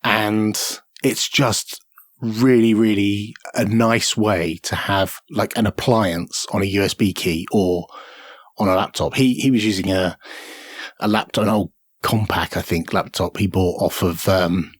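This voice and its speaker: A man's voice: lowish voice, steady tone, a little slow, no room sound. A man co-hosting a casual tech podcast, rambling along with fillers and restarts. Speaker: podcast co-host.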